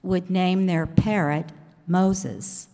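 Cocky male burglar, friendly and amused, a woman preacher doing him; low-pitched, echoing room. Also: fairly even intonation, very slow, warm tone. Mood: chummy. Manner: chummy, amused. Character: cocky male burglar trying to befriend a parrot.

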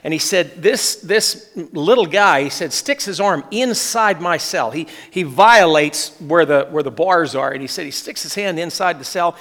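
A man's voice: a little high, lively intonation, moderate pace, hardly any pauses, a bit bright. Earnest male preacher in a reverberant hall. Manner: earnest, repeats key phrases, voices quoted speech. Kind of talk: sermon storytelling. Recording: long reverb of a large hall.

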